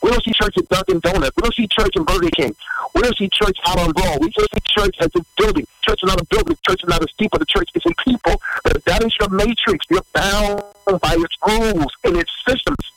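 A man's voice: high-pitched, fairly quick, vocal fry, rough recording. A middle-aged male pastor preaching a sermon, repeating and stressing his points with emphatic energy. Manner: animated, repetitive emphatic preaching. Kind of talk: livestreamed sermon with announcements.

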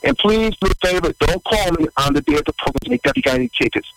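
Animated, gravelly-voiced middle-aged male pastor. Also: high-pitched, fast, no echo, rough recording. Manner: animated, repetitive emphatic preaching. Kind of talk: livestreamed sermon with announcements.

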